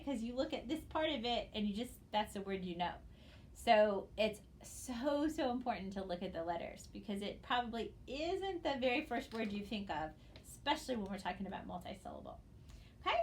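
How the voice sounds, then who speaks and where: A woman gives a phonics lesson to students she cannot see, talking in a patient, encouraging way. She spells out letters slowly and clearly. A faint hiss runs under her voice. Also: on the high side. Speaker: reading teacher.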